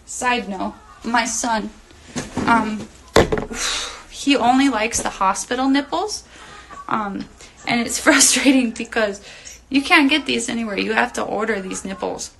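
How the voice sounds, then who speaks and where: A woman's voice: on the high side, measured pace, vocal fry, background noise. A young woman telling a long story on a phone livestream, rambling with lots of fillers and casual swearing. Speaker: reality TV personality on a livestream.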